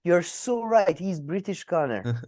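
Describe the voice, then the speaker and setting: A male podcast co-host talking politics in a loose, animated way, laughing often and restarting his sentences. His pitch swings widely, and his voice sounds dry and close. He is heard in a casual conversation with his co-host. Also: measured pace, no echo.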